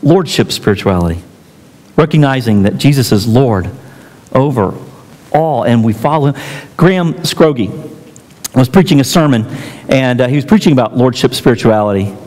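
A man preaching a sermon as pastor, telling stories and acting out quotes with emphatic pauses. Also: medium pitch, animated, darkish tone. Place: church sanctuary. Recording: church hall reverb.

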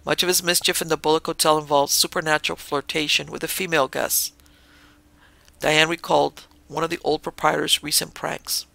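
A male podcast host reads a ghost story in measured, dramatic narration. His voice is gravelly, with a fry at the ends of phrases. The sound is dry and close. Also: a little high, flat delivery, pushed and bright, dry recording. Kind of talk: scripted narration.

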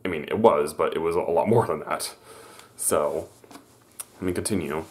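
A man telling a personal story to his viewers, halting, stammering and correcting himself as he goes. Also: low-pitched, a little mellow. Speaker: vlogger.

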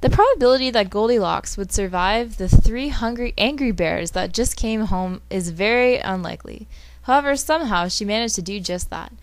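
A woman reading a fairy tale aloud and breaking in with math explanations, steady, with livelier story beats. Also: mid-range voice, normal speed, slight background noise.

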